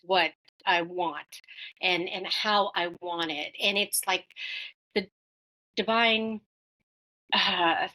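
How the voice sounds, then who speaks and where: A woman's voice: lowish voice, steady tone, takes it slowly, long pauses, pushed and bright, poor audio. A middle-aged woman talking as an interview guest, reflecting casually with many fillers and restarts.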